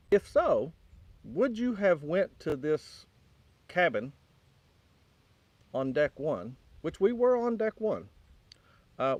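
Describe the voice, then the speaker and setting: A man's voice: sits high, no echo, lo-fi sound. A middle-aged man hosts a casual live-stream chat, rambling, repeating words and reading chat aloud. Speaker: vlog host.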